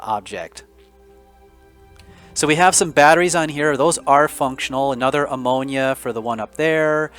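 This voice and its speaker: A man casually narrating his space building game, explaining parts in a relaxed, rambling way with fillers. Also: mid-range voice. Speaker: gaming video creator. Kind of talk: casual gameplay commentary.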